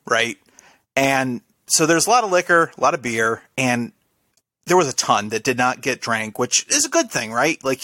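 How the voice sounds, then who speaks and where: Bright-voiced young man telling stories, dry sound. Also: mid-range voice, no echo. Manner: rambling storyteller, tags sentences with "right?". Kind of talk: casual storytelling.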